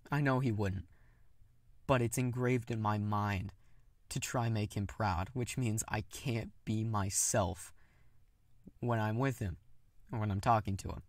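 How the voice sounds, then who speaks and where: A young man talking candidly and haltingly about his own feelings in a confessional monologue, with nervous laughs. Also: mid-range voice, dry recording, clean studio sound. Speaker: podcast host.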